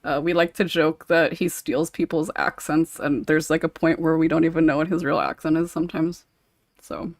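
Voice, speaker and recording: A woman's voice: low-pitched, steady tone, normal speed, no echo, clean studio sound. A woman hosting a casual panel podcast over a remote call mic. She reads listener questions aloud and laughs often. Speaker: podcast host.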